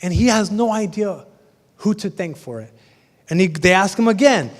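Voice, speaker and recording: High-voiced pastor in a reverberant church. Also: male voice, lively intonation, normal speed. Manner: conversational storytelling with humorous asides. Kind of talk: sermon. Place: church sanctuary.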